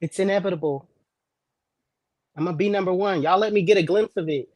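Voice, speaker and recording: A man's voice: high voice, a little fast, darkish tone, a little hiss or hum. A man, a regular on a casual talk stream, trash-talking with brash confidence and repeating his lines for emphasis. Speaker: hair brushing competitor and show regular. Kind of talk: boastful casual chat.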